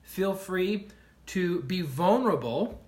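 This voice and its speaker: A man on a casual livestream, retelling stories in an animated way and acting out the people in them, often checking in with the listener with "right?". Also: high-pitched, slow. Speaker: life coach streaming to viewers.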